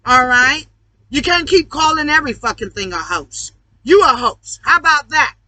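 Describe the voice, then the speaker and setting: A high, bright voice, recorded close and dry. The speaker preaches and rants straight at the audience, swearing constantly and calling everyone "y'all" in a heated, lecturing monologue. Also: animated, normal speed, no room sound, poor audio. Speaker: online video host. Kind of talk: profane ranting monologue.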